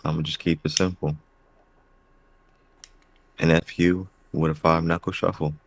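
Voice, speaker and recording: A man's voice: extremely low pitch, little pitch movement, measured pace, a little hiss or hum. A man co-hosting a podcast in casual chat, with short, teasing interjections. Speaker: podcast co-host.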